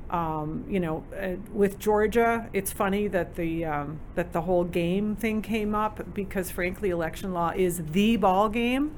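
A woman's voice: medium pitch, a little slow, hardly any pauses, a little mellow, a little hiss or hum. A woman with a Minnesota accent speaking as a studio guest, chatty and earnest. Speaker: guest, attorney. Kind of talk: studio interview.

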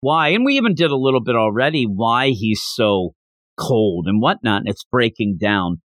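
Animated man recapping with laughs. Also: medium pitch, normal speed, no room sound, studio quality. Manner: animated, laughing, acts out quotes. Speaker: podcast host. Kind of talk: casual manga recap chat.

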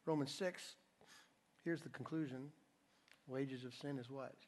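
A man preaching a sermon to his church, emphatic, swinging between hushed and loud passages. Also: mid-range voice, fairly even intonation, unhurried. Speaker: pastor. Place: church sanctuary. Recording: long reverb of a church hall.

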